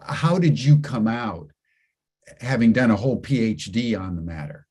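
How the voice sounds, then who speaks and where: A man's voice: lowish voice, lively intonation, normal speed, a little mellow, husky. A man hosting an interview who asks questions hesitantly, repeating words as he works them out. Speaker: host. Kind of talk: interviewing a guest.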